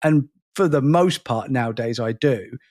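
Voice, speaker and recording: A man's voice: medium pitch, normal speed, a little mellow. A man co-hosting a podcast, speaking emphatically and venting his frustration at length in casual conversation. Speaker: podcast co-host.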